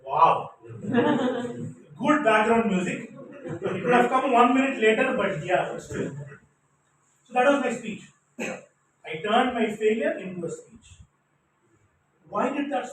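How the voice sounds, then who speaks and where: Animated high-voiced Indian man, echoey hall. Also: slow, pauses often. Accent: Tamil-influenced Indian English. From Chennai, India. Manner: animated, acts out cheering crowds and races, chuckles often. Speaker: Toastmasters speaker. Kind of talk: storytelling motivational speech. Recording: echoey hall, distant mic, faint hiss.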